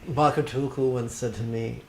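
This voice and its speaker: A man's voice: mid-range voice, fairly even intonation, moderate pace, slight background noise. Emphatic male meditation teacher. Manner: emphatic, humorous, with repetitions and asides. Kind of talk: livestreamed dharma talk.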